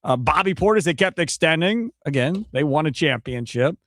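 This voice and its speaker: A man's voice: fairly high pitch, normal speed, dry recording. Man, Wisconsin accent, sports talk radio host, argumentative, dry studio sound. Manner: animated, argumentative, mocks others' panic in quotes. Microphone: studio microphone.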